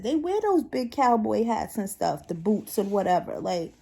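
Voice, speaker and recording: A woman's voice: medium pitch, measured pace, hardly any pauses. A woman talking casually, telling stories in a chatty way and acting out what her coworkers said. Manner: chatty, animated quoting of coworkers. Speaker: vlogger. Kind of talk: casual storytelling vlog.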